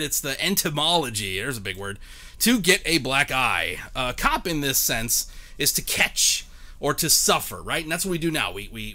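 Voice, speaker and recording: A man's voice: a little high, bright, forceful tone. A man in his thirties hosting a live-streamed game show, joking and chatting with viewers by name.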